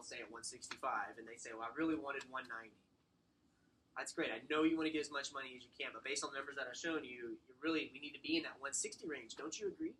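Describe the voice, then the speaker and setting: A man giving a sales training talk to a small room, acting out client scripts and slowly stressing short commands. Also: on the high side, sharp tone, a little hiss or hum, poor audio. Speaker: real estate sales trainer.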